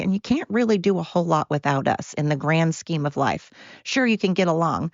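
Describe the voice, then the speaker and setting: A woman's voice: on the low side, creaky, dry recording, lo-fi sound. Angry profane woman ranting on a podcast. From United States. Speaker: podcast host. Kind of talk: solo podcast rant.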